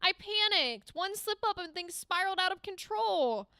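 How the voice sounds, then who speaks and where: A woman's voice: very high voice, expressive, moderate pace, pushed and bright, no room sound, clean studio sound, pitched above the performer's own voice, full character voice. A woman reading game dialogue aloud as an anxious, guilty young woman apologizing to her girlfriend. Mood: apologetic.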